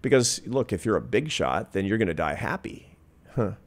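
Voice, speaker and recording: Low-voiced man telling a story. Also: moderate pace. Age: 50s. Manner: earnest, animated anecdote-telling. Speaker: interview guest, social scientist. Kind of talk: reflective storytelling in conversation.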